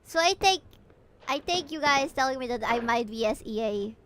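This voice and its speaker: A woman's voice: high-pitched, expressive, normal speed, fairly bright tone, slight background noise. A young woman from Peru with a Peruvian Spanish accent, chatting playfully and giggling with her stream chat as a VTuber. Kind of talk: casual chat with chat.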